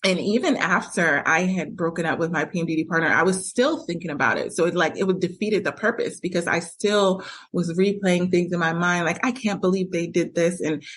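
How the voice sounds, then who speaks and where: A woman with a lowish, slightly rough and somewhat bright voice hosts a podcast at a slightly fast clip. Speaking candidly from her own experience, she acts out quoted arguments while coaching listeners in a personal monologue full of advice.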